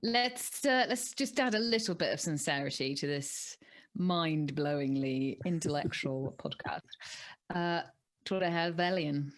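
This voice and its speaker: A woman co-hosting a running podcast in casual chat, lively and quick to put on silly voices. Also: sits low. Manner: chatty, animated, puts on silly voices when quoting. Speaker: podcast co-host.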